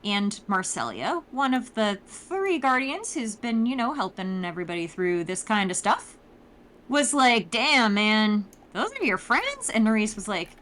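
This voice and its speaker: A woman's voice: mid-range voice, animated, normal speed, a bit bright. A woman casually recapping a tabletop campaign in a rambling, informal way.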